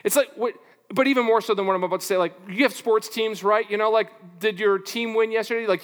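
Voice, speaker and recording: A man with a high voice delivers a lively sermon in a church hall. He asks his listeners rhetorical questions and acts out little back-and-forth exchanges. A long reverb trails after his words. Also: fast talker. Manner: animated preaching with rhetorical questions and acted dialogue. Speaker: pastor.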